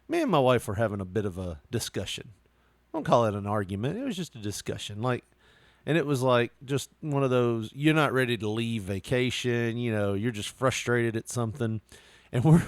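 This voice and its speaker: Here a male podcast co-host swaps lively stories in relaxed conversation, laughing frequently. His pitch is medium and the recording is dry.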